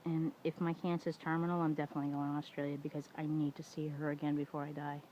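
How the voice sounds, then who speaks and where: Her voice is low-pitched, level and warm, and she speaks at a quick pace. This middle-aged vlogger vents frankly to the camera, swearing plenty, peppering in "you know," and performing the arguments she quotes. The recording is dull, lo-fi home audio with faint room noise.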